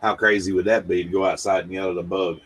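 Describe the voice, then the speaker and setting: A man's voice: low-pitched, little pitch movement, fast talker, fairly bright tone, slight background noise. A man hosting a casual livestream, rambling and talking straight to his viewers, often repeating words. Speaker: livestream host.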